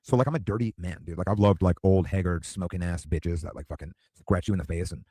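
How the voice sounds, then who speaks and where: A man's voice: deep voice, fast, mellow, breathy edge, no room sound. A man in his fifties, a streamer ranting crudely and rambling, full of profanity and "dude.". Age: 50s.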